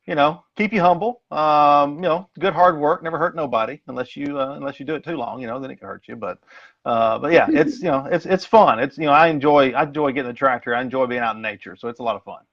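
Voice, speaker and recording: A man's voice: fairly high pitch, fast, dry recording. A man from Tennessee, a guest on a live call, talking casually on his phone and rambling with frequent laughs and restarts. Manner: rambling, self-deprecating, laughs often. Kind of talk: casual chat. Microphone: phone on a video call. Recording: dull lo-fi phone audio.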